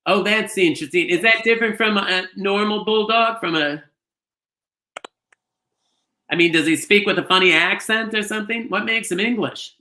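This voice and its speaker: Chatty gushy bingo host calling numbers from a trailer, sharp bright voice, roomy echo. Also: medium pitch, moderate pace. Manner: chatty, gushing, rambling with many fillers. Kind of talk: live-streamed bingo calling and chat. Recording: echoey room, faint noise.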